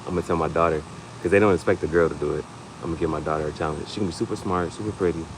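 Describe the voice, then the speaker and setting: In a rapid-fire comedy chat, this young podcast host riffs and laughs through his stories in a lowish voice, often slipping into high-pitched put-on quotes of others. A faint steady hum runs underneath.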